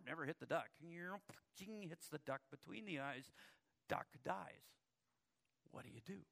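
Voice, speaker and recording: A man's voice: fairly high pitch, creaky, fairly bright tone. A male pastor preaching a sermon, telling a story and often repeating words as he starts a thought.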